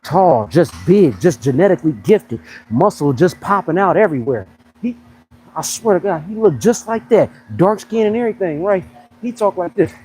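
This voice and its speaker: A man's voice: high voice, lively intonation, normal speed, a little mellow, a little hiss or hum, poor audio. A young man who coaches fitness, chatting on a casual livestream in a joking, slangy way. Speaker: fitness coach and pro bodybuilder.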